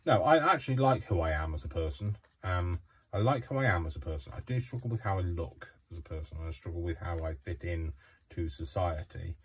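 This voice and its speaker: Tired low-voiced man chatting while crafting. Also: slightly rough, recorded from a distance. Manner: rambling, self-talking, many ums and restarts. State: tired, yawning. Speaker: craft vlogger. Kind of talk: casual chat while crafting. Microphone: phone camera left running.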